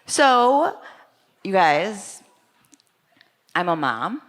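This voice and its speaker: A woman's voice: mid-range voice, very slow. Chatty young woman telling comic stories. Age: young adult. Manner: animated, chatty, self-deprecating, lots of asides. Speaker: storyteller at a live story slam. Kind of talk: comic stand-up storytelling. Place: stage before a live audience.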